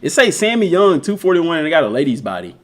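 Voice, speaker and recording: A young man chatting casually on a live stream, reading chat aloud in a slangy, animated way, his voice a bit worn from talking for hours. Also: on the high side, fast.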